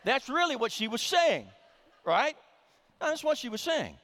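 A man's voice: very high-pitched, sing-song, a little slow, pushed and bright. Middle aged pastor guy telling a funny story in a sermon, stumbles and restarts a lot, long echo of a church hall. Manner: storytelling with humor and repeated restarts. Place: church sanctuary.

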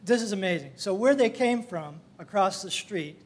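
A man's voice: high-pitched, expressive, moderate pace. An older man sharing a rambling, folksy church testimony, full of fillers and little laughs. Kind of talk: casual storytelling testimony.

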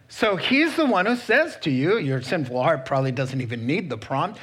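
A man's voice: fairly high pitch, sing-song, moderate pace, few pauses, a bit bright, slightly rough. A man preaching a sermon in a conversational way, teasing the congregation directly.

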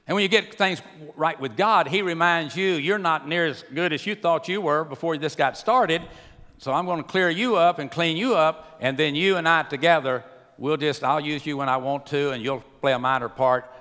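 A man preaching a sermon to a church, swinging between hushed and raised delivery. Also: fairly high pitch. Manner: preaching with wide swings from soft to loud. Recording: long hall reverb.

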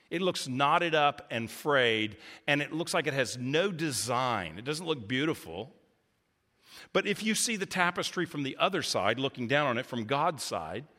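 A man preaching a sermon, passionate as he voices laments to God, calmer and reflective as he explains. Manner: impassioned, rising pitch on voiced laments to God. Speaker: pastor. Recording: long hall reverb.

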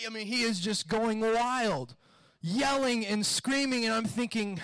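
A man's voice: extremely high pitch, normal speed, no room sound. A man, a pastor, giving a sermon and telling a personal story, acting out the voices in it. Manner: animated storytelling with acted-out quotes.

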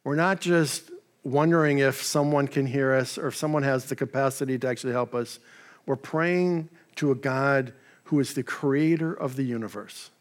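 A man preaching a sermon as pastor, in a conversational way with casual asides. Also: mid-range voice. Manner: conversational, with asides and paraphrased dialogue.

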